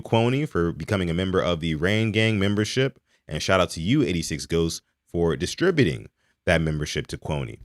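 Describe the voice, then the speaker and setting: A young man from Maryland hosting a live sports podcast, reading out donations and chatting with a lively, animated delivery. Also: on the low side, no echo, clean studio sound. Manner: animated, reads donations aloud. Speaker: podcast host. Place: home in Texas.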